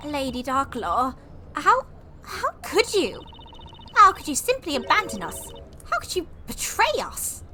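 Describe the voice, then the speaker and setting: A woman's voice: a little high, moderate pace, sharp tone, a little hiss or hum. A woman voicing an earnest young girl with solemn, old-fashioned phrasing in a game playthrough. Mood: pleading. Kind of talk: voicing game dialogue while streaming. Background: game music.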